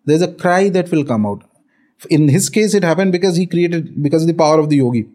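A man's voice: on the high side, expressive, brisk, mellow. A middle-aged man with an Indian accent explaining spiritual ideas through a story, dotted with fillers and Hindi words. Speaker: guest, spiritual author. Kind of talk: storytelling podcast conversation.

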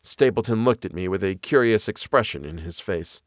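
A man narrating a classic novel as an audiobook reader, with an expressive, dramatic delivery. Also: deep voice, moderate pace, no room sound, clean studio sound.

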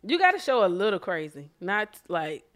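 A woman's voice: mid-range voice, big pitch swings, normal speed. A woman co-hosting a casual chat, blunt and profane, who laughs often. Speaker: podcast co-host.

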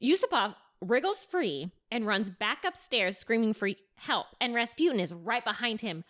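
A woman casually telling a history story to a co-host, animated and laughing often. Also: fairly high pitch. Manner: animated, laughing, acting out characters in quick asides.

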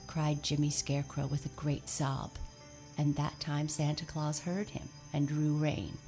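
A woman narrating a storybook in a gentle, measured way. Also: a bass voice, level tone. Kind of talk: storybook reading. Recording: faint music under voice.

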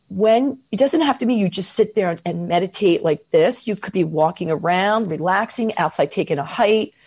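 Expressive woman giving wellness advice. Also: medium pitch. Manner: expressive, animated, slows down for emphasis. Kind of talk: conversational interview advice.

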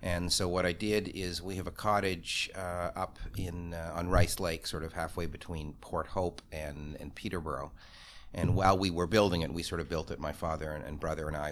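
A middle-aged man with a very low, deep voice tells stories as a podcast guest. He talks loud and fast, with few pauses. His tone stays conversational and engaged. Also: slight background noise. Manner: quick, loud, few fillers. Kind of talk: conversational storytelling.

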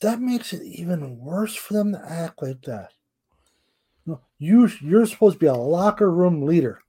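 A middle-aged man talks wrestling in a blunt, emphatic way, swearing as he makes his point. His voice sits a little high for a man, and its tone is soft and mellow. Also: expressive, moderate pace, husky. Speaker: podcast co-host. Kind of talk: casual wrestling chat.

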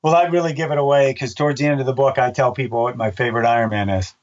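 An older man, a race announcer, chatting in an interview and acting out his own shouts as he tells stories. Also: mid-range voice, very fast, recorded from a distance, muffled recording. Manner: animated storyteller, acts out his own shouts. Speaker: race announcer and book author. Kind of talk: casual interview chat.

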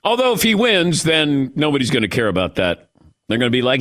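A middle-aged man hosting sports talk radio with an animated, lively pitch. He chats casually and laughs often between points. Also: fairly quick.

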